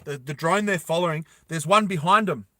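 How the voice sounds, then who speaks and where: A man's voice: on the high side, fairly bright tone, no room sound. A man telling a story casually to his viewers, with many fillers. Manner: slow, with fillers, addresses viewers.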